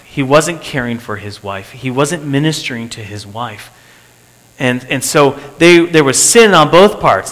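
Pastor guy giving an earnest sermon story, mid-pitch voice, big hall echo. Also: a bit bright. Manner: earnest, repeats phrases for emphasis. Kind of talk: sermon testimony. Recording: long hall reverb.

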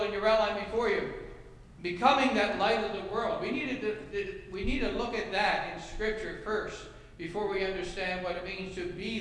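A man's voice: high-pitched, a bit bright. A man preaching a sermon as pastor, earnest, with folksy asides and hesitations. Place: church sanctuary. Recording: echoey church hall.

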